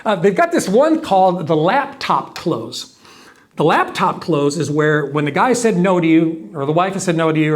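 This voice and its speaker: A man with a Texan accent, a window company owner, talking casually to camera and acting out salesmen's pitches in quoted voices.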